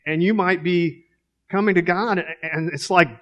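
A man's voice: sits high, unhurried, fairly bright tone. A man preaching a sermon in a conversational way, asking rhetorical questions.

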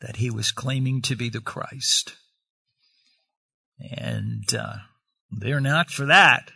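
A man's voice: medium pitch, slow pace, gravelly, bright, forceful tone, breathy edge. A man preaching a sermon, reading scripture aloud and explaining it verse by verse.

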